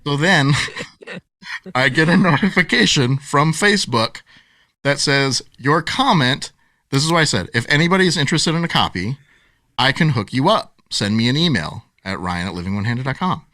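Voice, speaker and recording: Animated man telling a story. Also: medium pitch, normal speed, no room sound. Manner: animated storyteller who acts out quotes and laughs often. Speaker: podcast guest, author and speaker. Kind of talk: storytelling in a casual interview.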